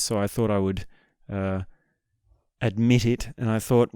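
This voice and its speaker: A man's voice: fairly low pitch, steady tone, a little slow, darkish tone, smooth, no room sound, studio quality. A man hosting a podcast, telling an embarrassing personal story in a candid, self-deprecating way. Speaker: podcast host. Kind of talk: storytelling monologue.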